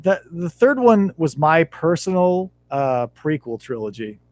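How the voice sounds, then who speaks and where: A man in his thirties hosts a casual podcast chat, his high voice swooping all over as he spins profane, animated stories. The sound is close and dry. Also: measured pace, no echo. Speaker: podcast host.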